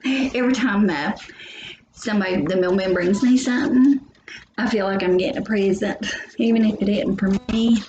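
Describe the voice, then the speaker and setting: A woman's voice: mid-range voice, normal speed, a little mellow, lo-fi sound. A woman teaching a biology lesson in a chatty, joking way, talking straight to her students. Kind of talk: recorded lecture. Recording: echoey room, faint hum.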